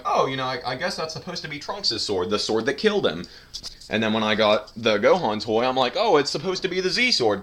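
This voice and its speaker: A man's voice: lowish voice, a bit bright. A young man rambling casually about his toy collection in his bedroom, with many fillers and restarts and goofy asides, recorded on a camera mic. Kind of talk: casual rambling video tour. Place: home bedroom, indoors.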